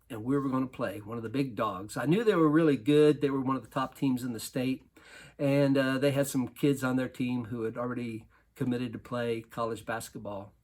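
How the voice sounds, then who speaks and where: Husky-voiced man telling a coaching story. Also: mid-range voice, moderate pace. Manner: animated, laughs often while telling. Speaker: basketball coach. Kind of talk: storytelling talk.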